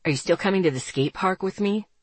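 A woman's voice: fairly low pitch, fast talker, husky, no echo. A woman voicing an easygoing young male friend, casual and teasing, in an audiobook. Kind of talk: audiobook character voice.

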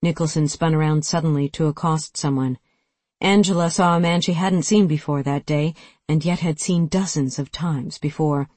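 A narrator reading a sci-fi action novel aloud, in steady, dramatic storytelling. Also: medium pitch, moderate pace, no room sound. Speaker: audiobook narrator. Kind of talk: scripted narration.

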